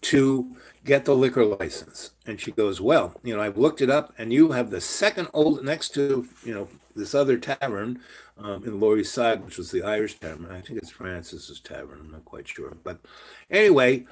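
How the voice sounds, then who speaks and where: A man's voice: lowish voice, moderate pace, breathy edge. New guy rambling through an old story, lots of restarts and side notes. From New York. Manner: rambling, animated, many restarts and asides. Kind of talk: casual spoken storytelling.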